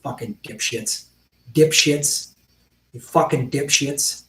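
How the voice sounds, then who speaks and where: Male political streamer, higher-pitched, blunt and profane, roomy and slightly distant sound. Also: slow, fairly bright tone, a little hiss or hum. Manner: blunt, profane, talks directly to chat viewers. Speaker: political livestream host. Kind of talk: livestream commentary.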